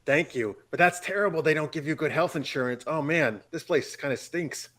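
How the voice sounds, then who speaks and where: Easygoing man player, slightly high voice. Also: a little fast, a bit bright. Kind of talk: casual tabletop play.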